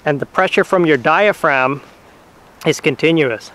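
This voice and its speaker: Casual male host, a bit high-pitched, clean smooth tone, patient step-by-step explainer. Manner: relaxed, patient, talks in short halting phrases with fillers. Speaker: hunting channel host teaching turkey calls. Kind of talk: casual how-to instruction.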